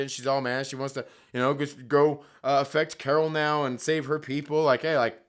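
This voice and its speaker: A bright, forceful man ranting about a movie in a loose, profane way. His voice sits a little high for a man. He rambles, piles up fillers and swears freely as he works himself up. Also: smooth. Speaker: movie commentary host. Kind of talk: casual rant, film review.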